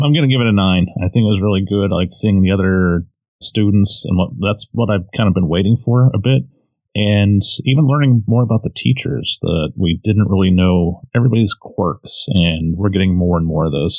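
A man co-hosting a podcast, calmly giving his opinion on a manga chapter. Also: sits low, moderate pace, dry recording. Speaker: podcast co-host. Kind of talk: casual manga discussion.

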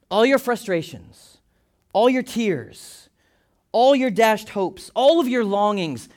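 A man preaching a sermon as a pastor, animated, swinging from loud excited bursts to hushed asides. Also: high voice.

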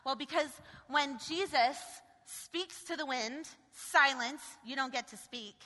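A woman preaching a sermon, moving between loud, forceful commands and quiet, intimate passages. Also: high-pitched, unhurried, few pauses. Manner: dynamic, shifting from shouted commands to hushed intimacy. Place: church sanctuary. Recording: reverberant church hall.

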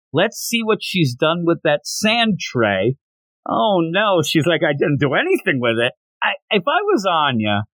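A man's voice: a little high, no echo, poor audio. Man animatedly recapping a manga. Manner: animated retelling with acted-out quotes. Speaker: podcast host.

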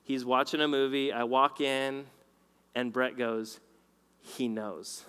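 Male pastor, sermon storytelling, loud then hushed, long hall reverb. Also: mid-range voice, unhurried, slight background noise. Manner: animated storyteller, shifts between loud and hushed.

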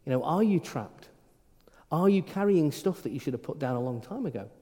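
Stammering priest in a reverberant hall. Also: male voice, on the high side, lively intonation, a little fast, warm tone. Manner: conversational, frequent stammered restarts. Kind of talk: informal sermon.

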